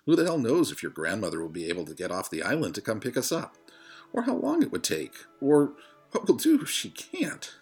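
A man voicing a weary, exasperated mother, his pitch jumping upward as he reads a story aloud. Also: wildly swooping pitch, brisk, a little mellow, slightly rough, faint music behind, exaggerated voice. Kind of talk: audiobook reading.

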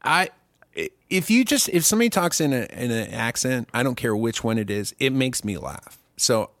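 A sarcastic man trading crude jokes on a comedy podcast, his pitch rising and falling. He sounds dry and close to the mic. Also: lively intonation, normal speed, fairly bright tone, no echo. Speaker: podcast co-host. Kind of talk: casual comedic chat.

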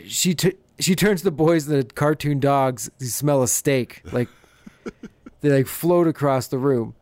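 A man's voice: on the high side, darkish tone, no echo. Man, podcast host, casual recap, laughs a lot, dry sound. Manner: chatty, laughs often, retells scenes.

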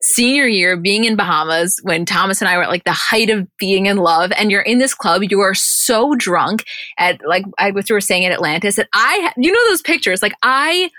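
Bright, dry-sounding gushing woman podcaster. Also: medium pitch, animated, normal speed, no echo. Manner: gushing, swears freely, lots of "like". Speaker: podcast co-host. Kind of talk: casual chat recapping a reality show.

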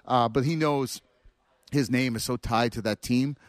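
A man, a former player, telling animated anecdotes as a guest. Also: mid-range voice, unhurried, dry recording. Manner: animated storyteller acting out quotes. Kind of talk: anecdotal storytelling.

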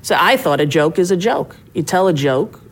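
A middle-aged woman, a comedian telling stories in a casual interview and acting out quotes with big jumps in pitch. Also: expressive, moderate pace, a little hiss or hum, rough recording. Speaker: comedian guest.

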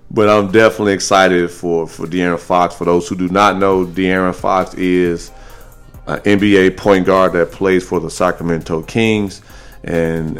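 A man hosting a casual podcast. His voice sits very low, and he swings up into high, animated tones as he tells a funny story. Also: clean tone. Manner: animated storytelling, jumps high when joking. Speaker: podcast host.

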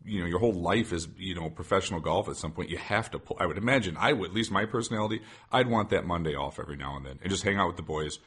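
Male host, very deep voice, husky, rambling casual questions. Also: fairly bright tone. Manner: rambling, thinks aloud, halting. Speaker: podcast host. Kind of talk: casual interview chat.

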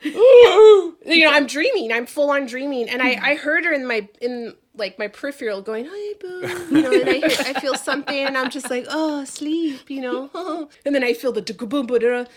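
A woman telling a story in casual chat, animated and profane, acting out other people's voices. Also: high voice, moderate pace.

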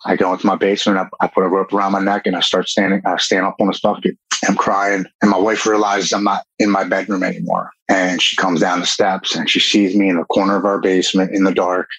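A man's voice: low-pitched, little pitch movement, fast, a bit bright, breathy edge, no room sound, rough recording. A man in his forties from Baltimore, Maryland, telling a personal story as a podcast guest in an earnest, emotional way, often repeating words as he goes. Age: 40s.

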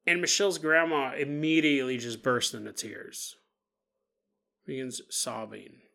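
A man hosting a paranormal podcast, retelling a reader's story in an animated way with acted-out quotes and small stumbles. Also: mid-range voice, a little slow, creaky.

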